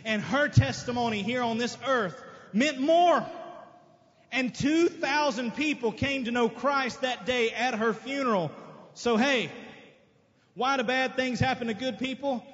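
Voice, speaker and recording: A man preaching a sermon as pastor, emphatic, with sudden loud outbursts and quieter asides. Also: very high voice, unhurried. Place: church sanctuary. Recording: dull lo-fi sermon recording with long hall reverb.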